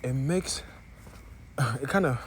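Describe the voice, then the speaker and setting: With a slow, medium-pitched voice and a mixed African-American accent, a young African vlogger delivers an opinionated casual monologue to camera, talking directly to viewers while rambling and restarting phrases. A little hiss or hum sits under the recording.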